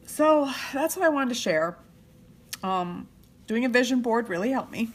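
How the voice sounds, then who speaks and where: A woman's voice: a little high, lively intonation, normal speed. Heartfelt woman in emotional live chat. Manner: tearful, heartfelt, often trailing soft. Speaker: vlogger doing makeup. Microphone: phone or webcam live stream.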